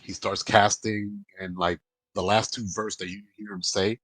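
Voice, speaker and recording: A man's voice: lowish voice, flat delivery, normal speed, a bit bright, no room sound, rough recording. A man playing a tabletop game, describing his character's spell in a rambling way, full of ums and likes. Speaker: player.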